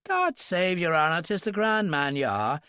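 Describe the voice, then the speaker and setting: A man's voice: high-pitched, sing-song, moderate pace, pushed and bright, smooth, dry recording, clean studio sound, voice pushed up, heavily acted. A man voicing a wry Irishman with a Northern Irish accent who teases in a flowery brogue, in an audiobook. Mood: teasing. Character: wry Ulster Irishman, cheeky gunman.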